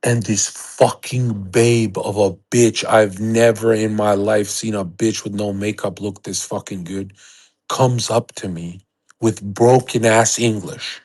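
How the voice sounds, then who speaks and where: A man's voice: lowish voice, fairly even intonation, slow, darkish tone, poor audio. A young man hosting a livestream, talking to his chat in a crude, boastful, rambling rant. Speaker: livestream host. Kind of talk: casual rant to a live chat. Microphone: streaming setup.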